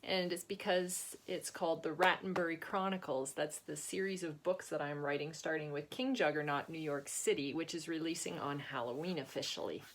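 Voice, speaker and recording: A woman's voice: deep voice, fairly even intonation, normal speed, few pauses, slight background noise. A woman author chatting casually about her book and reading from it. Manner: chatty, laughs often, restarts.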